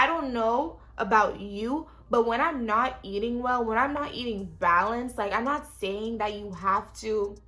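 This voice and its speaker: A woman's voice: medium pitch, pushed and bright. Chatty young woman vlogger, frank. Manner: chatty, frank, swears casually, talks straight to viewers. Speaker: lifestyle vlogger. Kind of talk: casual self-help vlog talk. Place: small cluttered studio apartment.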